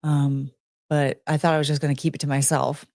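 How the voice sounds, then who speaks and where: Lady streamer chatting w/ her viewers, kinda low voice, giggly, rambles a lot, squeals hellos then mumbles. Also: a little fast, dry recording, clean studio sound. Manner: rambling and giggly, with lots of fillers and restarts; jumps between high excited greetings and low mumbling asides. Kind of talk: casual chat reading out chat names.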